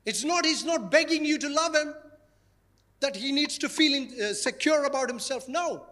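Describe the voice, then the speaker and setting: Male pastor with a very high voice, playful, lively sermon delivery. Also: normal speed. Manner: animated, playful, repeats key phrases.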